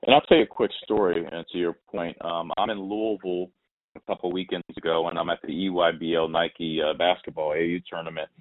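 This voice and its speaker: A man's voice: deep voice, brisk. A man hosting a podcast, telling a story in casual talk and acting out the voices of the people in it. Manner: animated, mimics others' voices when retelling a story. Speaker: podcast host. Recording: tinny phone-like audio.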